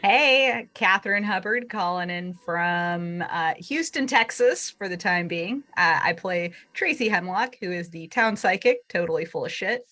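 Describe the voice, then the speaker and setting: A woman's voice: lowish voice, a little slow, few pauses, sharp tone, faint music behind. A woman improv player introducing herself over a video call, wry and self-mocking.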